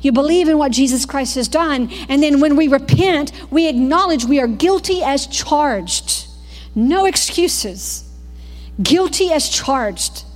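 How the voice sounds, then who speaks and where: Woman teaching bible school, high voice, preachy and fervent, long echoey hall. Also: animated, measured pace. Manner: fervent, preacherly, with quoted prayers and asides. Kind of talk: teaching sermon.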